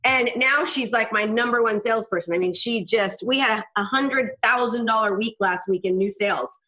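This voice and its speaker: A woman's voice: on the high side, normal speed. A woman guest, a business coach, telling stories candidly and animatedly, often acting out what people said. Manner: animated, frank, quotes herself and others in voices. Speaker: real estate coach and guest. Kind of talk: candid storytelling interview.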